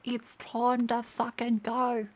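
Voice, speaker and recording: An Australian woman playing a crude, rowdy train announcer who swears, talking slowly and bluntly. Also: a little high, completely flat delivery. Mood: mocking.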